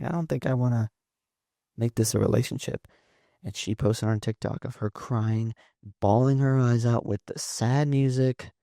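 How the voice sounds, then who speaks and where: A man's voice: mid-range voice, creaky, warm tone, no echo, clean studio sound. A young man in his late teens, a podcast guest telling rambling stories with lots of fillers and restarts. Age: young adult. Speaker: podcast guest, son of host. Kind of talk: casual storytelling chat.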